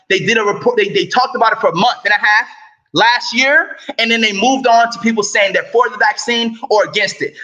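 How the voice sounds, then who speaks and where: Young male vlogger, high bright voice, impassioned profane rant. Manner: profane and impassioned, swings between muttering and shouting. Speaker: online sports commentator. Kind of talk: heated ranting commentary.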